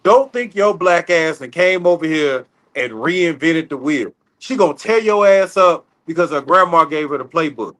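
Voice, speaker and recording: A man's voice: on the high side, expressive, moderate pace, hardly any pauses, a bit bright, low-quality recording. A man on a livestream panel telling a story in a blunt, slangy way.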